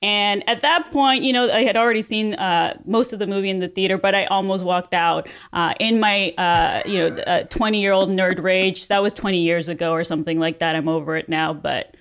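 A woman's voice: medium pitch, steady tone, a little fast, few pauses, clear, resonant tone. A woman in her forties on a casual podcast panel, rambling with many fillers.

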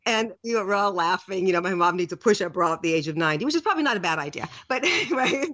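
A middle-aged woman hosting a podcast, telling a lively personal story in a casual way, laughing now and then, recorded in a hotel room. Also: lowish voice, fast talker. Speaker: podcast host. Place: hotel room, seated on the floor. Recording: dull lo-fi recording.

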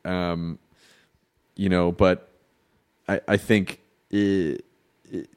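Male podcast guest, loose rambling talker who jumps into high-pitched impressions of people. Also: level tone, extremely slow, darkish tone, clean tone. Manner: rambling, self-interrupting, acts out quotes in high voices. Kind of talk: casual podcast chat.

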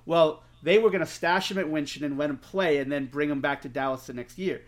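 A middle-aged man, co-hosting a podcast and telling stories in an animated way, swearing freely. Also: on the high side, a little fast. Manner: animated storyteller, swears freely, acts out quotes. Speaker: podcast co-host. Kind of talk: casual storytelling chat.

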